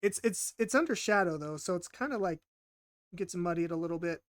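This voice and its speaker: A man's voice: high voice, expressive, brisk, no room sound, studio quality. A man casually narrating while he draws, rambling and self-deprecating, often stammering and repeating himself. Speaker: art vlogger.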